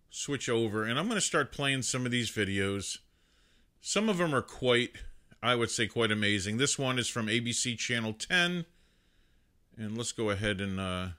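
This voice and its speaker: A man's voice: lowish voice, sharp tone. A man hosting a livestream, commenting casually on news clips in a chatty way with plenty of fillers and restarts. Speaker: livestream host.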